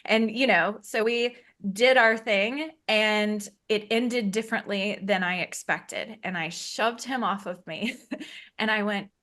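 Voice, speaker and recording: Woman guest, mid-range voice, candid and chatty, quick to laugh. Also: medium pitch, fairly bright tone. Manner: frank, conversational, laughs often. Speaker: interview guest. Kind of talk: candid personal story.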